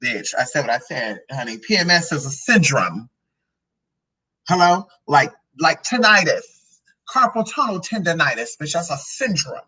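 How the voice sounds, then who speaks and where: A woman's voice: sits low, very animated, normal speed, pushed and bright, slightly rough, low-quality recording. A transgender woman vlogging casually about drinks and food, sassy and profane, rambling from one tangent to the next. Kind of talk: casual product-review vlog.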